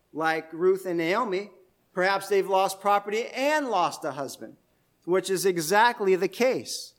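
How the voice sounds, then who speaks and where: A man's voice: high voice, a bit bright. A male pastor preaching an expository sermon, explaining step by step in a conversational way and putting questions to his listeners.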